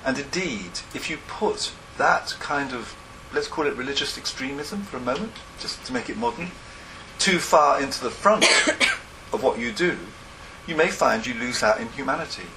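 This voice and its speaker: A man's voice: mid-range voice, expressive, normal speed, noisy background. A man lecturing to a class, thinking aloud and often correcting himself mid-sentence. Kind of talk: academic lecture.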